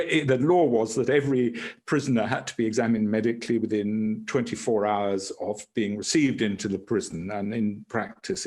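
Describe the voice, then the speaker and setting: A man's voice: lowish voice, darkish tone. An older British man, a podcast guest, telling dry anecdotes in conversation, hesitant and full of restarts. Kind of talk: casual conversation.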